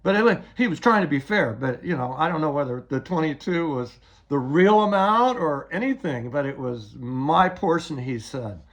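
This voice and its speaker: A man's voice: a little high, animated, normal speed. An older man giving a rambling, agitated personal account, often repeating words as he retells events.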